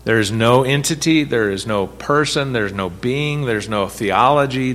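A man's voice: mid-range voice, pushed and bright. Man teaching a Bible study. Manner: conversational, asks the group questions, repeats points for emphasis. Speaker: pastor leading a Bible study. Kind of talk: interactive sermon teaching.

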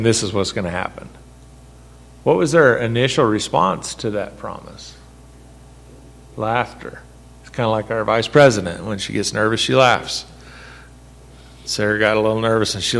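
A man's voice: mid-range voice, gravelly, fairly bright tone. A man leading a Bible study, talking conversationally, asking the group questions and repeating his points for emphasis. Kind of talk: interactive sermon teaching.

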